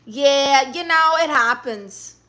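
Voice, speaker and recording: A woman's voice: high voice, slow, sharp tone. A woman hosting a casual livestream, reading viewer comments aloud and answering them in a sassy way that keeps calling people honey. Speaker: livestream host.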